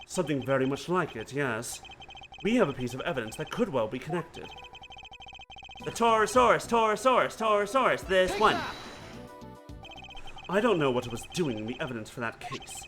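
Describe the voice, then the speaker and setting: A man voicing a composed male prosecutor in a video game, speaking in a measured, formal way. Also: a little high, animated, over music, close to an everyday voice. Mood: serious.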